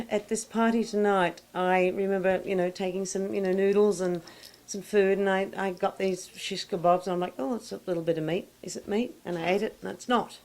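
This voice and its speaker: A woman's voice: medium pitch, darkish tone. A woman with an Australian accent, chatting effusively as a guest interviewed at an evening party, with Aussie slang. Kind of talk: casual interview chat.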